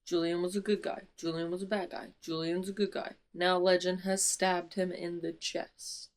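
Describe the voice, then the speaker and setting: A woman's voice: lowish voice, steady tone, normal speed, hardly any pauses, low-quality recording. Dramatic young woman ranting about a book. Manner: dramatic, swears freely, sudden loud outbursts. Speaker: book vlogger. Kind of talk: casual reread commentary with read-aloud passages.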